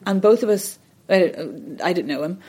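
A woman's voice: lowish voice, expressive, moderate pace, a little mellow, husky. A woman in her thirties, a voice and accent coach, talking in a chatty, rambling way with frequent restarts in a podcast interview. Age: 30s.

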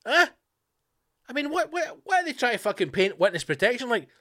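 A Scottish man hosting his own podcast, ranting sarcastically with constant swearing, swinging between loud outbursts and low mutters. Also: very animated, fast talker. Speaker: podcast host. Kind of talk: profane comedic rant.

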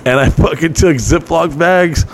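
A man's voice: fairly high pitch, a little slow, creaky, slight background noise. A man casually telling long, profane stories on a podcast, laughing as he goes. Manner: profane, rambling, laughing storyteller. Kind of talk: casual storytelling chat.

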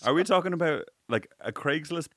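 A man co-hosting a podcast, chatting casually with quick jokes and the odd swear word. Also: a little high, lively intonation, fairly bright tone, no room sound, studio quality. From Ireland. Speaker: podcast co-host. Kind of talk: casual chat.

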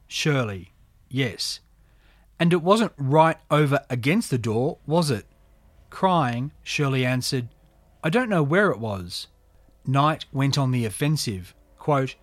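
A man's voice: a little high, dry recording. Man narrating true crime in a dry, close voice. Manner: measured, reads quoted testimony in a subdued tone. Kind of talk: true crime narration reading court testimony.

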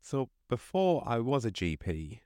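A man, a doctor co-hosting a podcast, recovering from illness and explaining things in a measured way. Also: medium pitch, big pitch swings, warm tone, dry recording, studio quality. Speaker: podcast co-host, GP. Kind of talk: casual chat.

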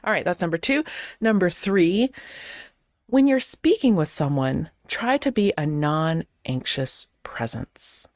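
A woman host in her thirties giving casual advice on conversation, acting out both sides of sample chats in quick changes of voice. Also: lowish voice, expressive, darkish tone, no echo, studio quality. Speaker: podcast host; clergy.

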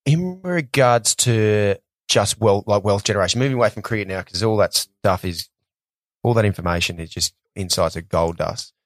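Low-voiced male host asking questions. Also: no room sound, clean studio sound. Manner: halting, searching for words, fills with "um" and "like". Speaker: podcast host, former cricketer. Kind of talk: casual interview questions.

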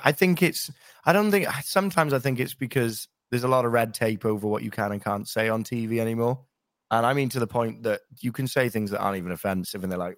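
A male voice actor and impressionist, talking in a lively, self-interrupting way during a casual interview. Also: lowish voice, fairly quick, no echo, clean studio sound.

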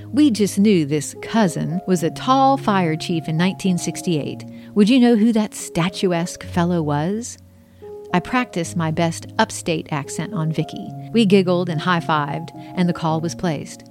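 A woman's voice: lowish voice, animated, normal speed, a little mellow, soft background music. A woman reading her own memoir as an audiobook in a conversational storytelling way, acting out the dialogue.

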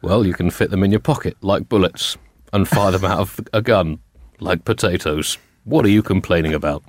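A man doing a deadpan, bumbling husband. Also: sits low, no echo, voice pushed down. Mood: defensive. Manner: slow, deadpan, self-justifying.

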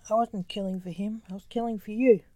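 A woman's voice: medium pitch, fairly even intonation, a little fast, mellow, no echo, lightly acted. A woman reading the lines of a cold, clipped male enchanter, a former assassin, in a storybook.

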